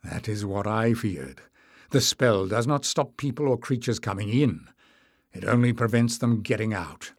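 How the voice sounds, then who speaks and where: A man doing a grim, slow-spoken warrior. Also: fairly low pitch, no room sound, clean studio sound.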